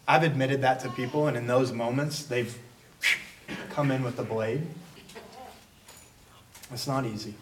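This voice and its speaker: A pastor preaching a conversational sermon, breaking into quick acted asides. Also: male voice, medium pitch, steady tone, distant mic, noisy background.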